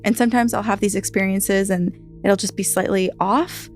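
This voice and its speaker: A woman reads online stories aloud for a podcast in a relaxed, conversational tone. She slows down and lifts her voice on key lines. Soft music plays faintly behind her. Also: medium pitch. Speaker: podcast co-host reading a story aloud. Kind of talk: casual reading of online posts.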